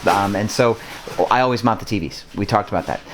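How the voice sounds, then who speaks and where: Man from Wisconsin, faint Wisconsin accent, fairly low voice, rambling casual vlog, slight background hum. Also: a little fast. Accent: mostly neutral American, faint Wisconsin. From Wisconsin, USA. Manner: rambling, many ums, loose and chatty. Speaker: vlogger, short-term rental host. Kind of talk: casual vlog talk to camera. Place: indoors, apartment full of boxes.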